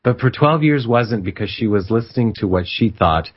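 A man's voice: on the low side, expressive, moderate pace, breathy edge. A man casually telling a story in an emphatic, reflective way, often retelling a conversation. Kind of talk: casual spoken storytelling monologue. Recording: slightly dull lo-fi recording.

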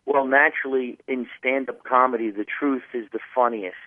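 A middle-aged comedian from New Jersey with a New Jersey accent, telling stories with plenty of jokes and laughs. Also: male voice, mid-range voice, steady tone, moderate pace, no echo. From New Jersey, USA. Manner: jokey storyteller, laughs often. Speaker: stand-up comedian guest. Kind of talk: casual phone interview. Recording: dry tinny phone line.

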